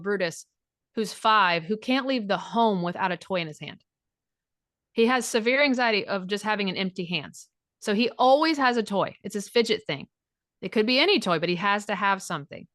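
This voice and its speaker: A woman's voice: mid-range voice, fairly bright tone, no echo, clean studio sound. Blunt, frank woman coach. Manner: blunt and frank, acts out quoted dialogue, swears freely. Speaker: divorce recovery coach. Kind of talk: direct coaching talk.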